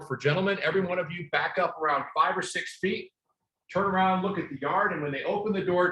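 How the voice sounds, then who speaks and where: A man's voice: on the high side, slight background noise. A middle-aged man teaching a class for real estate agents, talking emphatically and telling stories from his own work. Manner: energetic, emphatic coaching with personal stories.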